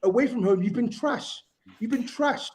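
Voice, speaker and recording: A man's voice: very high voice, normal speed, a little mellow. A man, co-hosting a podcast and arguing hard about football, insisting on finishing his point and repeating himself. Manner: argumentative, talks over others, insistent repeats. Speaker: podcast co-host. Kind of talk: heated football debate.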